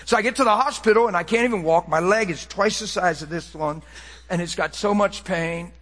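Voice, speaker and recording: A middle-aged man preaching a personal testimony, swinging between hushed, quiet passages and excited, impassioned bursts. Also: high-pitched, brisk, long reverb tail. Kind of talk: sermon testimony.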